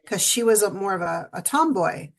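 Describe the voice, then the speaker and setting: Animated woman telling a personal story. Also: mid-range voice, normal speed, gravelly, slight background noise. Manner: animated storyteller, quotes herself and others. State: emotional. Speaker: guest speaker. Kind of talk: storytelling in an interview.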